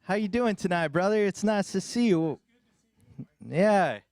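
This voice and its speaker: A man's voice: high-pitched, expressive, unhurried, darkish tone, no echo. A man with an American accent hosting a songwriter showcase, upbeat and friendly as he brings performers up. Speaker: show host.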